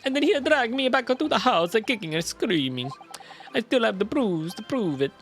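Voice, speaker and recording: A flamboyant Italian man talks in big looping swings of pitch, as a man puts him on. The put-on Italian accent is thick and the delivery singsong and over the top, with faint music behind. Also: very animated, moderate pace, a bit bright, exaggerated voice. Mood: theatrical. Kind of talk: reading game dialogue with voices.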